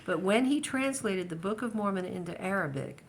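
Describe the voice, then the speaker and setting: A woman's voice: medium pitch, lively intonation, normal speed, vocal fry, a little hiss or hum. An older woman telling her life story in a casual family interview, hesitant, with many restarts and fillers.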